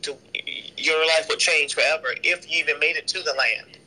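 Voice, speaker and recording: Easygoing man with a very bright voice. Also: a little high, steady tone, fairly quick, rough recording. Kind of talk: casual chat.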